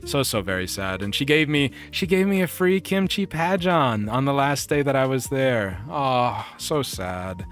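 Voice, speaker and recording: A man streamer telling a story casually and reading chat, animated and laughing often. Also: a little slow, few pauses, soft background music. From United States. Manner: animated, laughs often, jumps up in pitch for quoted bits.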